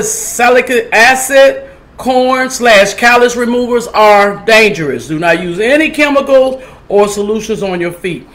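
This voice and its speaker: A woman's voice: on the high side, a bit bright. A middle-aged woman pastor hosting a casual live-streamed health talk, reading advice aloud and earnestly urging her viewers. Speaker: pastor and health show host.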